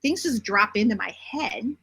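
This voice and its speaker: Middle-aged woman, podcast guest, direct, animated, bright, high. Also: a little slow, vocal fry, slightly rough. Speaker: podcast guest, bodymind coach and writer. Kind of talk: casual interview chat.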